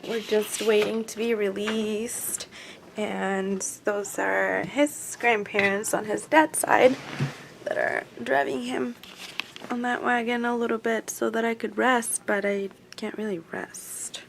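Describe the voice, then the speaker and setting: A young mother filming a casual hospital vlog in a hospital room, speaking softly and tiredly from lack of sleep, on a handheld camera. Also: fairly high pitch, fairly even intonation, slow, vocal fry, background noise. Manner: soft, hushed, tired. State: sleep-deprived. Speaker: vlogger and mother.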